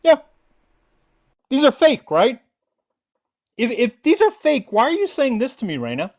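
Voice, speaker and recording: A livestreamer giving callout commentary in an animated, mocking way. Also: sits high, measured pace.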